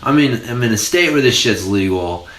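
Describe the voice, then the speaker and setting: A man in his forties telling stories in casual podcast chat, animated and laughing, with free swearing. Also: medium pitch, moderate pace, reverberant. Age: 40s. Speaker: podcast host.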